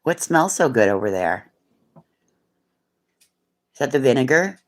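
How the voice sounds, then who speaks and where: A woman's voice: extremely low pitch, very animated, unhurried. Rambling, foul-mouthed woman vlogger at home. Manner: rambling, frank, swears freely. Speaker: vlogger chatting with live viewers. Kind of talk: casual livestream chat. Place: at home indoors, living room.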